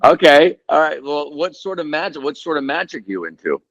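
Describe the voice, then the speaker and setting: A man in his thirties, an actor and guest, talking casually and telling a story in a halting, hesitant way. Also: on the high side, big pitch swings, creaky, a bit bright, dull audio. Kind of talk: casual chat.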